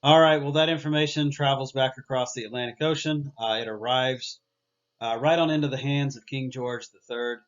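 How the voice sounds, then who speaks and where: A man's voice: medium pitch, fairly even intonation, normal speed. A man teaching history in a loose, conversational way, with plenty of filler sounds and restarts. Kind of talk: recorded history lecture. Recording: dull lo-fi recording.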